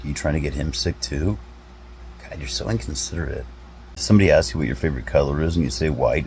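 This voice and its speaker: A man, a comedy vlogger, rambling through deadpan rhetorical questions with drawn-out pauses. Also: very deep voice, slight background noise, poor audio. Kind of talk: deadpan musing monologue.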